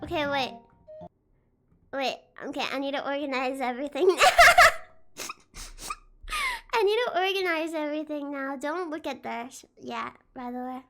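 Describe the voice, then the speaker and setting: Woman, bright voice, excitable, giggly, casual stream chat. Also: sits high, moderate pace, pauses often. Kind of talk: casual chat, reacting to videos. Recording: faint music behind.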